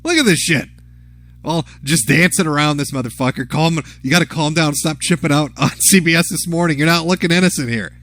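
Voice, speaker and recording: A man's voice: fairly high pitch, brisk, fairly bright tone. A man hosting a live stream, commenting on clips in a profane, laughing, rambling way. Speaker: livestream host.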